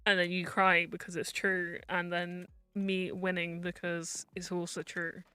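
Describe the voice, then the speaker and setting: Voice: medium pitch, monotone, a little slow, pushed and bright, clear, resonant tone, faint music behind. A VTuber streamer in casual live-stream chat while gaming, rambling, teasing friends and muttering to themself.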